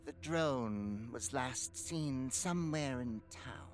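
A haughty insect queen with mantis claws, slow and disdainful, her voice swinging widely in pitch, as a man puts her on. She speaks in measured tones with soft music underneath. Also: very animated. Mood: contemptuous. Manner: contemptuous, measured and aloof. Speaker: game master.

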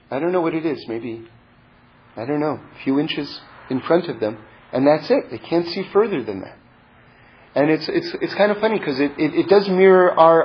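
A man giving a spoken religious teaching built around a personal story, halting and repeating words, growing more intense toward his point. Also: sits high, breathy edge. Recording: dull lo-fi recording.

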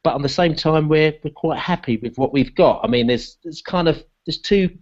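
A man's voice: on the high side, moderate pace, darkish tone. Man hosting a football podcast, lo-fi. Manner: leads the talk, hands questions to the panel. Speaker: podcast host. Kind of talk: casual football chat.

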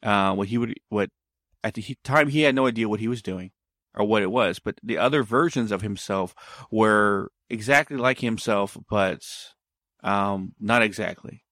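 A man's voice: on the low side, moderate pace, fairly bright tone, no echo, clean studio sound. A man telling a story in casual conversation, meandering and often backtracking to explain himself.

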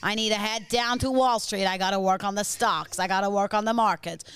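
A woman's voice: mid-range voice, steady tone, fairly bright tone, clear, resonant tone, lightly acted. A woman playing a frazzled Wall Street businessman. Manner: rushed, rattling list of chores.

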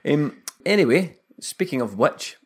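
A man's voice: fairly high pitch, lively intonation, unhurried, slightly rough. A Scottish man co-hosting a football podcast, talking casually with frequent restarts and laughter. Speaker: podcast co-host.

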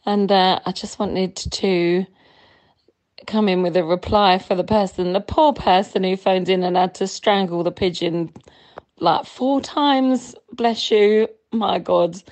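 A woman's voice: medium pitch, fairly even intonation, takes it slowly, a little mellow. Chatty woman leaving a voicemail. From England. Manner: chatty, laughing storyteller. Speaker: caller. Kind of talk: voicemail anecdote.

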